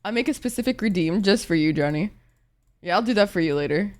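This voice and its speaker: Young woman streamer, tired and congested, dramatic and sweary chat with viewers, mid pitch. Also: animated, fairly quick. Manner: chatty, dramatic, swears a lot.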